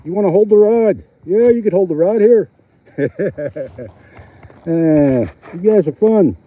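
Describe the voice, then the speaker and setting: A man's voice: high voice, expressive, slow pace, no echo. A middle-aged man with a Philadelphia accent, chatting casually to viewers of his livestream while ice fishing outdoors, laughing often, recorded on a phone strapped to his chest. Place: outdoors on a frozen lake, windy. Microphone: phone mounted on his chest. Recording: dull, slightly lo-fi phone audio.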